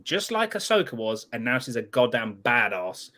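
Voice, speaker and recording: A man hosting a live stream, chatting loudly with friends and swearing often. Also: medium pitch, very animated, normal speed. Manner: loud, swearing, laughing banter. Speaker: host. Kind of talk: casual live-stream chat.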